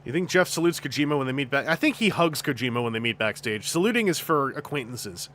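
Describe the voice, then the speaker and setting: A man's voice: medium pitch, lively intonation, quick pace, a bit bright, slight background noise. A man chatting casually on his stream, rambling and jokey, often laughing and restarting his sentences. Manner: rambling and jokey, with frequent restarts, laughter and silly put-on voices.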